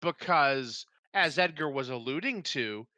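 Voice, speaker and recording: A man co-hosting a podcast, cutting in with quick, joking corrections. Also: medium pitch, lively intonation, pushed and bright, no room sound. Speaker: podcast co-host. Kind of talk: casual movie review chat.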